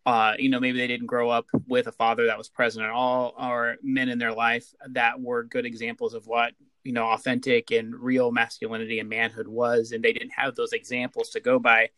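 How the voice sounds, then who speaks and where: A man's voice: mid-range voice, monotone, fairly quick, bright, forceful tone, no room sound. A man hosting a podcast interview, giving short affirmations and asking questions loosely, with many fillers. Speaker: podcast host. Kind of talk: casual interview.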